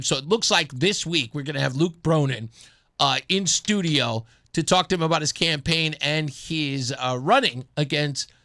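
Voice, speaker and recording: A man hosts a radio talk show in a bright, forward voice. His pitch rises and falls a lot as he chats casually and acts out stories. He talks into a studio microphone. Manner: animated storyteller, acts out a phone call in a low mumbling voice.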